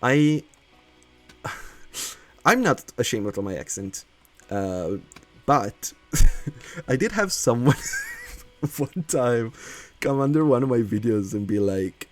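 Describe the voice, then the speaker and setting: A man's voice: mid-range voice, very animated, slow pace, pauses often, faint music behind. A man who is not a native English speaker chats casually as a streamer while building in a game, laughing often and reading chat aloud.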